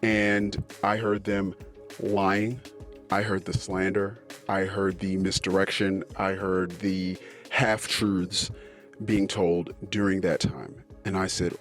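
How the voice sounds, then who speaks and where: Low-voiced man recounting a grievance. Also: level tone, fairly bright tone, soft background music. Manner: earnest, aggrieved, many pauses and fillers. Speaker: podcast host telling his story. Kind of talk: personal storytelling monologue.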